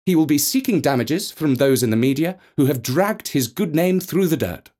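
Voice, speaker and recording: A man's voice: a little high, animated, moderate pace, dark tone. A man voicing a stern woman defence lawyer with a firm, formal delivery.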